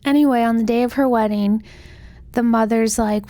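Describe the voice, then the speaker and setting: A woman's voice: a little high, moderate pace, warm tone, no echo. A young woman casually recapping a novel's plot, chatty and full of "like", acting out the characters' lines. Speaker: book vlogger.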